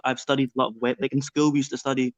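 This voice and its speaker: A man from Scotland on a video call, asking a question quickly and earnestly, with fillers. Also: medium pitch, flat delivery, no room sound. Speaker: caller. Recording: dull lo-fi call audio.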